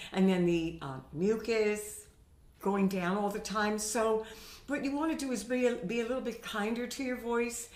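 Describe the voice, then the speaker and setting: Middle-aged woman, voice teacher, recovering from a sinus infection, slow and chatty, echoey room at home. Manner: chatty, demonstrates pitch with her own voice. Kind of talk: instructional video talk. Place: at home with her cat. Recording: roomy home recording.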